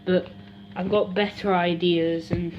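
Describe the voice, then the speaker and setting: A young vlogger with a lowish, level voice speaks a little slowly as faint music plays behind her. At home by a washing machine, she rambles casually, corrects herself and makes chatty asides in a dull lo-fi video.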